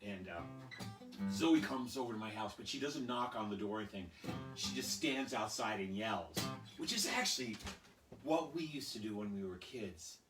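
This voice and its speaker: A man's voice: lowish voice, expressive, normal speed. A man, a children's singer and storyteller, chatting casually and rambling through a story with plenty of fillers from his small home studio. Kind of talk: casual storytelling and singalong for kids. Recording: roomy, distant mic with guitar.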